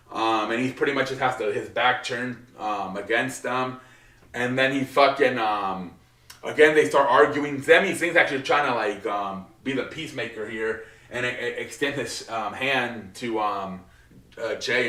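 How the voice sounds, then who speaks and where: A man's voice: medium pitch, fairly bright tone. Casual male host, rambling with frequent ums and swearing, recorded off-mic in a roomy space. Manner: rambling, lots of filler words and swearing. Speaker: wrestling show recap host. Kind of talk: casual unscripted recap. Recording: roomy echo, distant from mic.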